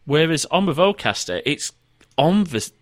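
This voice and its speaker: A man's voice: fairly high pitch, big pitch swings, normal speed, no room sound, clean studio sound. A man hosting an online interview, chatty and adding enthusiastic asides. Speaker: podcast host. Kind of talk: conversational interview.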